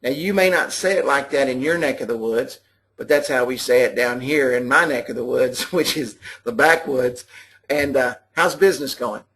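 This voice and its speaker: A man's voice: mid-range voice, normal speed, fairly bright tone. A man giving folksy, repetitive sales training over a live webinar, with clipping audio. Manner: folksy, repetitive, talks to listeners directly. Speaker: sales trainer for a mobile app business.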